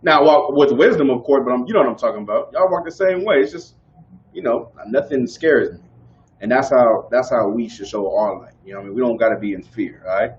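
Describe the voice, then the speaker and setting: A man teaching a group in casual preaching style, animated and conversational, often asking whether listeners follow. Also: medium pitch, quick pace, highs cut off, slight background noise. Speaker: street teacher.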